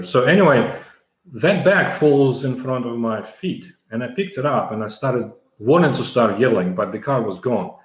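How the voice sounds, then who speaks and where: A middle-aged man from the former Soviet Union, telling a long story as an interview guest, with many fillers and restarts. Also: mid-range voice. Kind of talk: conversational storytelling. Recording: echoey room.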